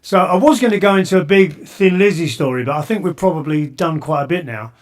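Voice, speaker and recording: A man hosting a podcast, telling a long story in a rambling, animated way with frequent restarts and swearing. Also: on the high side, brisk. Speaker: podcast host. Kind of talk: casual storytelling chat.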